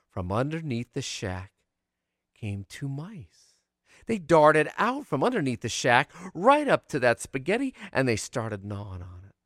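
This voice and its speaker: A man tells a homespun childhood story with plenty of animation, his voice rising and falling widely over a middle pitch. He drops into hushed tones and jumps up for sound effects. The recording is close and dry. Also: no room sound. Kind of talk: oral storytelling for an audience.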